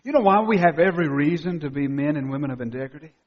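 A male pastor preaching a sermon, swinging from quiet, intimate asides to loud, emphatic declarations. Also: on the high side, lively intonation, fast, in a large hall, lo-fi sound. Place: church sanctuary.

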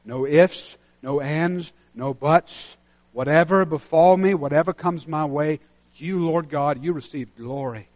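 A male pastor with a high, ringing voice delivers an impassioned sermon. He moves between hushed, earnest asides and loud, driving calls to act. The recording sounds a little muffled and lo-fi. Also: measured pace. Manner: swings between hushed intensity and loud emphatic exhortation.

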